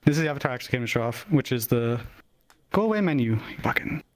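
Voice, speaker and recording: A man's voice: medium pitch, expressive, racing, low-quality recording. Man, mid-range voice, loose, sweary, rambling show-and-tell. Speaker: avatar creator showing his work.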